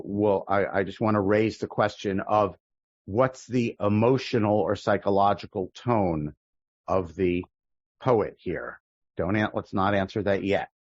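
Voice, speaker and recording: Slow, low-voiced rabbi teaching a class. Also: male voice, dry recording, dull audio. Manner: thoughtful, explanatory, pauses and restarts mid-sentence. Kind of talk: teaching a class, explaining text line by line. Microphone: video call.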